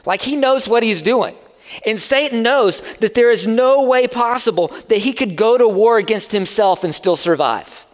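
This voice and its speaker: Animated high-voiced male preacher in hall. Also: moderate pace. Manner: conversational, animated preaching with asides. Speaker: pastor. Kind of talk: sermon. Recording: long hall reverb.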